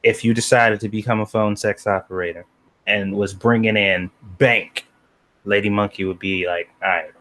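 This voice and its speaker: A man with a somewhat low voice co-hosts a casual stream chat. He chimes in briefly with quick, teasing jokes at his friends. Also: fairly even intonation, fairly bright tone. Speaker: podcast co-host.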